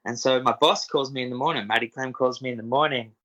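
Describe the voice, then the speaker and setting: A man's voice: mid-range voice, steady tone, quick pace, a bit bright, muffled recording. A young Australian man telling stories as a podcast guest, laid-back and swearing freely, often saying "dude" and "man". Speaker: podcast guest, equipment operator. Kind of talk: casual storytelling.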